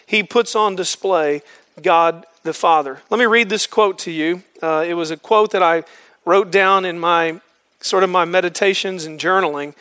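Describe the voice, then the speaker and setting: A man's voice: sits high, normal speed, sharp tone, smooth. A man leading a men's Bible study, explaining scripture earnestly and using homespun examples.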